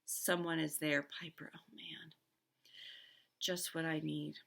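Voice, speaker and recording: A woman's voice: low-pitched, flat delivery, moderate pace, creaky, a bit bright. A woman teacher reading a novel aloud with expression, stopping now and then to comment on the story.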